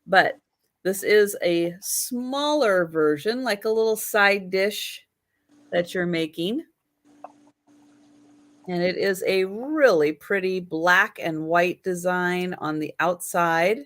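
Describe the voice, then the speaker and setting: Female stream-sale host; slow, measured auction calls and item descriptions. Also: lowish voice, a bit bright. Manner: slow, patient, explaining items. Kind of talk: live-stream auction chat.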